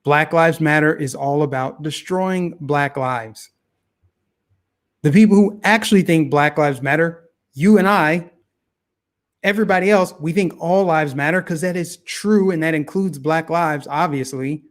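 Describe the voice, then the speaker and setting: A man with a slightly high voice and a somewhat slow delivery hosts a casual talk show. His political commentary is opinionated and animated, leaning heavily on repeated phrases.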